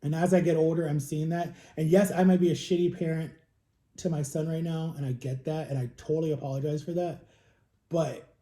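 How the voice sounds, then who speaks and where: A man's voice: on the high side, dark tone. A man in his thirties talking openly and emotionally in a personal vlog, with emphatic repetitions. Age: 30s. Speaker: vlogger.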